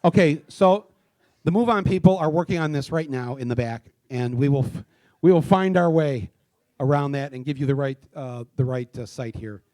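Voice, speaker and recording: Halting, casual man addressing a hall. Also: a little high, animated, a little mellow. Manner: casual, halting, many fillers and restarts; spells out addresses slowly letter by letter. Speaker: town hall host. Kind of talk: live town hall address. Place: theater stage before a live audience.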